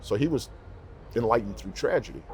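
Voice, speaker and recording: A man's voice: mid-range voice, expressive, a little fast, darkish tone, slight background noise. A man, a guest in an interview, telling heartfelt stories in casual conversation and repeating phrases for emphasis. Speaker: interview guest, professional singer.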